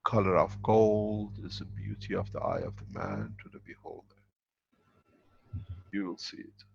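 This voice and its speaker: Low gravelly husky guy rambling through a live q&a, dull lo-fi call audio. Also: wildly swooping pitch, moderate pace. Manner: rambling, emphatic explanations. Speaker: workshop teacher answering questions. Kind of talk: live online teaching Q&A.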